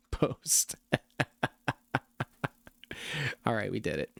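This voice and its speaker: A man's voice: fairly low pitch, big pitch swings, measured pace, vocal fry, a bit bright, dry recording. Sarcastic male streamer, dry close sound. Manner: sarcastic, laughs often. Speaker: streamer reacting to videos. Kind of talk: casual reaction commentary.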